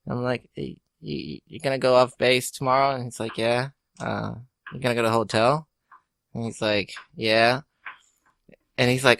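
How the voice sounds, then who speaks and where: A man's voice: fairly even intonation, normal speed, creaky, no room sound. A man co-hosting a podcast, telling a story in casual chat, swearing a lot and laughing through it. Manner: laughing, swearing, drops to a low hush for quoted lines. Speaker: podcast co-host.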